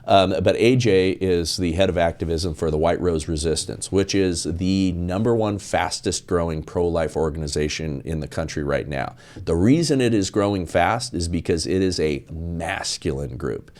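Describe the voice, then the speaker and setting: A man's voice: deep voice, normal speed, few pauses, a little mellow. A man talking as a podcast guest in an emphatic, preachy way, hammering his points with repetition. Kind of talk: podcast interview.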